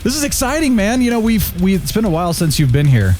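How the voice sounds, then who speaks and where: A man hosting a casual review chat, upbeat and jokey, his pitch swinging up and down a lot. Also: big pitch swings, fast, loud music behind the voice. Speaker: podcast host.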